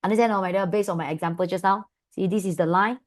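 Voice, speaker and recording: A woman with a Malaysian English accent teaching an online maths class, calling her students "my dear" and asking them quick questions. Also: medium pitch. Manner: affectionate, calls students "my dear"; lively, asks many quick questions. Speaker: maths tutor.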